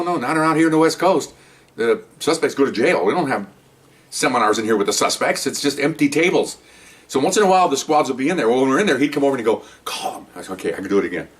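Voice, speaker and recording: A man's voice: mid-range voice, far from the mic. A man in his sixties, a retired police officer casually telling a rambling anecdote with many restarts. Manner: chatty and rambling, with frequent restarts.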